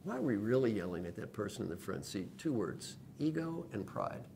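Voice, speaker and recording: An older man delivering a coaching talk. His pitch rises and falls a great deal as he acts out the people in his stories. A faint rumble sits under the recording. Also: fairly quick, gravelly. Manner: animated storyteller who acts out quoted voices. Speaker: executive coach. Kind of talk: lecture-style video blog.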